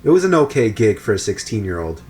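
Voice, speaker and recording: A man giving a scripted, steady narration of a creepy story. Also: on the low side, fast.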